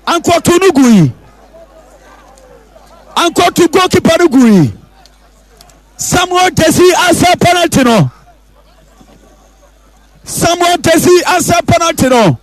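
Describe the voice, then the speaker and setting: A man with a Ghanaian accent commentating a football penalty shootout, calling out and repeating the players' names with excitement. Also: extremely high pitch, unhurried, pauses often, no room sound, a faint crowd, poor audio.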